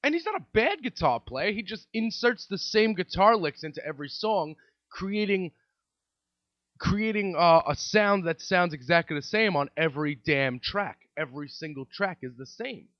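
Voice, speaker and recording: A man's voice: sits high, animated, normal speed, no echo. A man hosting a comedy podcast, ranting sarcastically and repeating his points. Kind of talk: comedic rant. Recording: dry, dull lo-fi sound.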